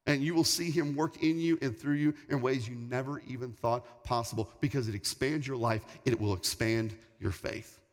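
A man's voice: mid-range voice, moderate pace, few pauses. A male pastor preaching a sermon in a large church hall, talking in a conversational, repetitive, storytelling way. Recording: long hall reverb, faint music.

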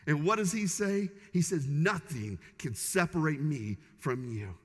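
A man's voice: on the high side, lively intonation, unhurried, husky. A man in his forties, a pastor preaching a sermon in an emphatic, repetitive cadence in a church sanctuary. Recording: long reverb of a large church hall.

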